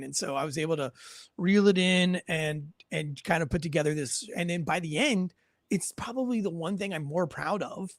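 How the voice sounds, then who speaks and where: A man's voice: fairly high pitch, moderate pace, dry recording. A man hosting a podcast in a casual, rambling storytelling way, often restarting his sentences. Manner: rambling, self-correcting storyteller. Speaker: podcast host.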